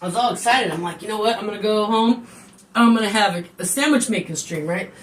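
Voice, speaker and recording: A Midwestern woman chats loosely on a home live stream, rambling from one thing to the next, swearing freely and cracking jokes at her viewers. Her voice sits at an ordinary middle pitch. A faint hum of background noise runs under the kitchen sound. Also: fast. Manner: rambling, profane, jokey. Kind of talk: casual live stream chat.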